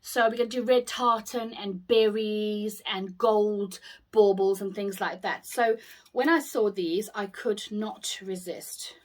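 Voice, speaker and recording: A woman's voice: medium pitch, fairly even intonation, takes it slowly. A British woman chatting casually in a shopping haul video, gushing and exclaiming over each item she shows. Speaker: haul vlogger.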